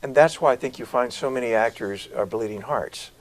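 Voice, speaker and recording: Brief: middle-aged male actor, interview guest, expressive storyteller, average pitch. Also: a little fast, low-quality recording. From South Carolina. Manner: animated storyteller, varied delivery. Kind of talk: interview conversation.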